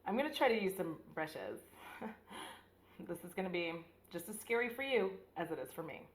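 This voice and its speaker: In a reverberant room at home, a woman with a fairly low voice and big pitch swings talks at a moderate pace. A beauty vlogger, she does her makeup while recapping a movie, chatty, profane and jokey, acting out scenes as she goes.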